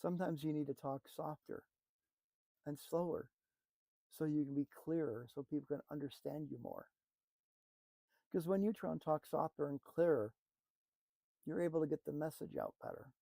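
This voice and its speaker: A man's voice: fairly high pitch, big pitch swings, normal speed, creaky, pauses often, no echo, rough recording. Earnest man giving a motivational talk. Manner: earnest, repetitive, drops to a soft hush for emphasis. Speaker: motivational speaker.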